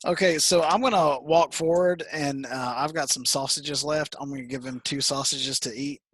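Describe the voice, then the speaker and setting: A man's voice: a little high, steady tone, moderate pace, a bit bright, no echo. A man playing a tabletop role-playing game, teasing in a playful, mock-formal tone. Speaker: player.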